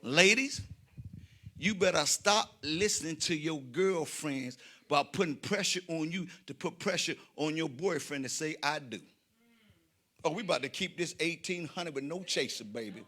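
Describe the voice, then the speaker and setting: A man working a comedy stage with a bright, cutting voice that sits high in the male range. He tells his stories by putting on the voices of everyone in them, jumping up and down in pitch and shouting the punchlines. Between bits he calls out to the audience and asks them questions. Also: normal speed. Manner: animated storytelling, acts out quoted voices, shouts punchlines; addresses the audience directly. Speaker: stand-up comedian. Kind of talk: stand-up comedy routine.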